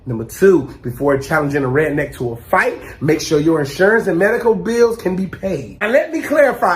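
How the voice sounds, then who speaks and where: High-voiced man doing loud comic rants. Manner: animated, loud bursts, drawling slang. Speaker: comedy creator. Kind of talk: comedic monologue.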